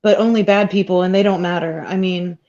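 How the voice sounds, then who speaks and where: A woman's voice: lowish voice, steady tone, brisk, dark tone. A woman joining a casual livestream discussion as a guest over a video call, speaking hesitantly with many restarts. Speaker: guest commentator. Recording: dull lo-fi call audio.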